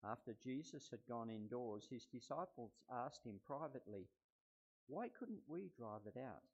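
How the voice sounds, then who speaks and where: Man as church scripture reader, mid-pitched, steady, muffled recording. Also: a little slow, breathy edge. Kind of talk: scripture reading.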